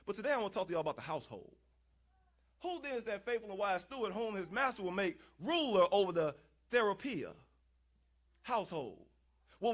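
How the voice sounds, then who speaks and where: A man preaching a sermon, using folksy asides, rhetorical questions and repeated phrases. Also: high-pitched. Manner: animated, rhetorical questions and repetition; folksy, addresses congregation as y'all.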